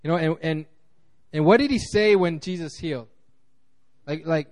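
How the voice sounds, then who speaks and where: A man pastor giving a casual, conversational sermon, animated and acting out quotes, with frequent restarts. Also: fairly high pitch, moderate pace, pauses often.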